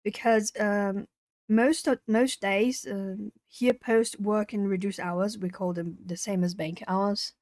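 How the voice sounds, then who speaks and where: A woman hosting a live art-channel stream, chatting casually with viewers and breaking into lively retold exchanges. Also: medium pitch, slow pace, dry recording. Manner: chatty, talking to chat while colouring; animated when retelling stories. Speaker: YouTube art channel host. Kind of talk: casual livestream chat.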